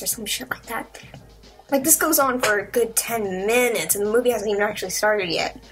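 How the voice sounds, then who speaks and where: A young woman giving a casual, profane movie review, rambling and sarcastic, acting out the characters in quick voices. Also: medium pitch, faint music behind, low-quality recording.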